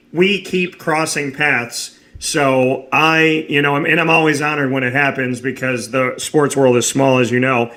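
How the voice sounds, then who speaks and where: A man's voice: a little high, bright, forceful tone. A man hosting a sports radio show, asking long, effusive questions of his guest.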